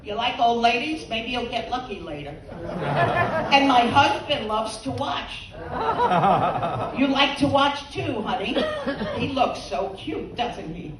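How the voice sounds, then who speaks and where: A woman's voice: on the high side, expressive, slow, long pauses, noisy background. Bawdy New woman in her eighties. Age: 80s. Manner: bawdy, teasing the audience, laughing at her own jokes. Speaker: stand-up comedian. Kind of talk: stand-up comedy routine. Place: comedy stage before a live audience. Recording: roomy, distant stage sound.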